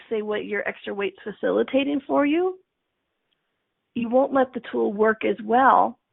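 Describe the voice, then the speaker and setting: A woman coach talks on a live stream in a chatty way and acts out each quote. Her voice is gravelly and a little breathy, and it sits a bit high. The sound is dry and tinny, like a phone line. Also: no echo. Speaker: life coach.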